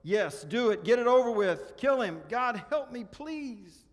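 A man's voice: on the high side, moderate pace, in a large hall, natural voice. A man voicing a frightened, evasive ghost of a man who stammers and makes excuses, read aloud in a sermon. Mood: panicked. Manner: stammering, panicky. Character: terrified, evasive ghostly man clinging to sin.

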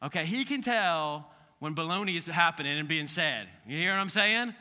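Man, podcast Bible teacher, lively storyteller, piercing bright tone, reverberant sound. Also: fairly high pitch, normal speed. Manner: animated storyteller, acts out quoted voices. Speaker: podcast co-host teaching scripture.

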